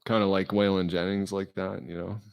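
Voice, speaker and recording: Middle-aged man, gravelly low voice, slow and rambling self-deprecating vlog monologue. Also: flat delivery, lo-fi sound. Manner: meandering, self-deprecating, full of fillers. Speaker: vlogger. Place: indoors, alone.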